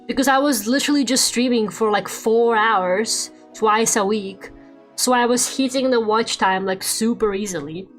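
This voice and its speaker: High-voiced young woman, rambling. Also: moderate pace, soft background music. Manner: rambling, swears a lot, laughs often. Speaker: streamer. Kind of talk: casual chat while drawing on stream.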